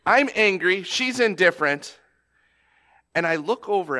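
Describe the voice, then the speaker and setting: A male pastor with a bright, forceful voice tells a personal story from the pulpit. He sits a little high in pitch and talks in a loose, animated way, often restarting his sentences. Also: unhurried, pauses often. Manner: animated, conversational, repeats starts. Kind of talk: storytelling sermon.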